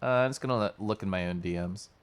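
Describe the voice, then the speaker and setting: A young man streaming a game, chatting casually with his viewers in a flowing, animated monologue and laughing often. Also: low voice, fast talker, smooth. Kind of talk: casual live-stream chat while gaming.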